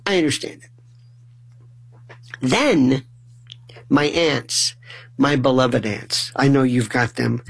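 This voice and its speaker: A middle-aged man telling funny family stories in a lively way, often stumbling and restarting his words. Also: medium pitch, slow, vocal fry, long pauses, breathy edge, poor audio. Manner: animated, acts out family dialogue in shifting voices. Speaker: storyteller. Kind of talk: humorous personal storytelling monologue.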